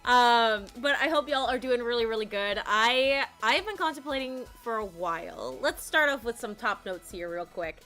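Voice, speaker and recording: A young adult woman streamer with a hoarse, cracking voice, chatting casually on a live stream, bubbly and giggly as she greets her viewers. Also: on the high side, lively intonation, normal speed, few pauses, pushed and bright, faint music behind.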